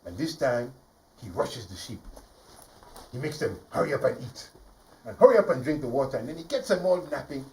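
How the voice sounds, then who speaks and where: A man telling a folk tale in a live performance for a studio audience, animated and playful, often speaking straight to the crowd. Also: medium pitch, brisk, pauses often. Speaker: storyteller. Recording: voice from a distance, faint ambience.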